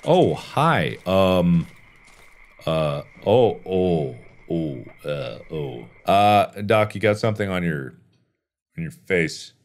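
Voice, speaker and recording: Man, gaming host, low voice with wildly lively pitch, horror playthrough commentary. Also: takes it slowly. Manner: animated, swinging from mumbling to yelping panic.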